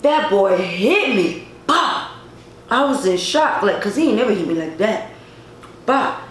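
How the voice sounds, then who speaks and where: A woman's voice: medium pitch, expressive, normal speed. A woman vlogger telling a personal story to her viewers in a casual, emphatic way, with many repetitions. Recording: echoey room, faint noise.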